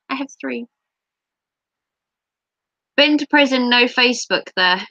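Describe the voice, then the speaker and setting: A middle-aged woman hosts a casual livestream from home, teasing her viewers and reading out their comments in a playful, giggly way. Her voice is fairly high, pushed and bright, and sounds a little sore. The audio is dull with no room sound.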